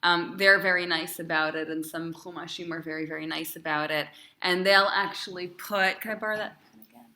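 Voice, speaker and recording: A bright, ringing woman's voice teaches a class in an echoey room. She is a cantor, chatty and encouraging, and keeps asking her students questions. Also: lowish voice, steady tone, brisk, few pauses. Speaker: cantor teaching Torah cantillation.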